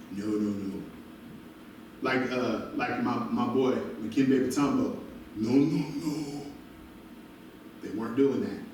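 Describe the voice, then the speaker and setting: A male pastor preaching an animated sermon, recorded from a distance in a church. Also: on the high side, a little hiss or hum. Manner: animated preaching with call-and-response asides. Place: church sanctuary. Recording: very echoey church from far off.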